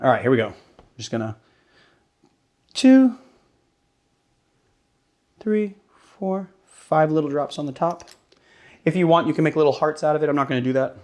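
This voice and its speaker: Brief: laid-back male bartender host, slightly higher voice, jokey, loose delivery. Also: expressive, moderate pace, long pauses, darkish tone. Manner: casual and joking, with fillers and curses. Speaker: cocktail show host. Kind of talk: casual cocktail demo and tasting.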